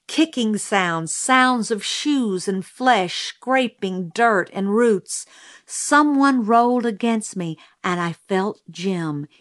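A woman narrating an audiobook in a measured, steady storytelling manner. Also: medium pitch.

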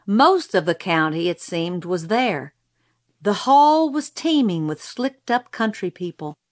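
A woman narrates a first-person novel in a measured storytelling voice. Her pitch sits in the middle, unhurried and clear. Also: sing-song. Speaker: audiobook narrator.

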